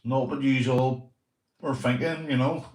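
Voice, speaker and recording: A middle-aged Northern Irish man tells a rowdy story on his livestream, full of swearing and "right, mate?" tags. His voice sits at an ordinary pitch. The room sounds echoey, and he is set back from the mic. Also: measured pace, far from the mic, a little hiss or hum. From Northern Ireland. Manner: swears a lot, animated, keeps asking "right?" and "mate". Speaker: livestream host.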